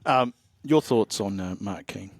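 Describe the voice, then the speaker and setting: Aussie bloke hosting a pod, jokey and rambly, voice jumps around a lot, dry close sound. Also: male voice, on the low side, animated, measured pace, dry recording. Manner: jokey, rambling, reads out listener posts. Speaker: podcast host. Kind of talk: casual podcast chat.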